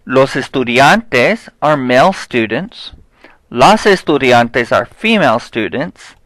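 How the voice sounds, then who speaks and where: A male Spanish teacher walks through articles and plurals at a slow, patient pace. He sounds out each example word with care and keeps asking "okay?" between points. His voice is mid-pitched and recorded dry, with no room sound. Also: lively intonation, fairly bright tone, no room sound, poor audio. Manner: explains step by step, checks with "okay?"; spells out example words slowly. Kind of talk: recorded classroom lesson.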